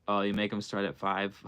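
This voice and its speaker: A man's voice: on the low side, a bit bright, clean tone. A man hosting a casual livestream, musing aloud in a loose, slangy way. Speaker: livestream host.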